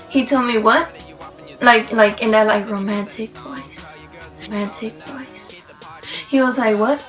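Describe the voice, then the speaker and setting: A woman's voice: sits high, low-quality recording. A woman vlogger telling a rambling, gushing story in a casual way, full of "like" and restarts. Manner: excited, rambling, gushing, heavy use of "like".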